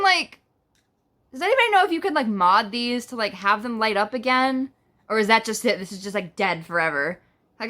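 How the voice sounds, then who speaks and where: A woman with a New York accent telling a casual storytime vlog, animated, profane and full of slang. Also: a little high. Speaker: vlogger.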